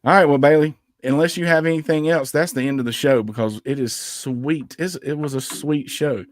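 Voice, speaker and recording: A man's voice: on the high side, moderate pace, no room sound, clean studio sound. A man co-hosting a casual sports podcast, upbeat and chatty, running through news and show announcements. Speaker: podcast co-host.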